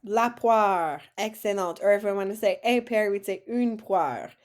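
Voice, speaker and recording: A woman French teacher leading a classroom-style lesson, saying words slowly for students to repeat and praising their answers. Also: mid-range voice, darkish tone. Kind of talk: classroom lesson, slow model pronunciation.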